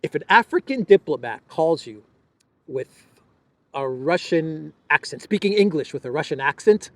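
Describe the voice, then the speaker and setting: A man's voice: fairly high pitch, animated, moderate pace, fairly bright tone, no echo. A man hosting a casual political commentary show, sarcastic and playful, often laughing and drawing out words for emphasis. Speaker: host.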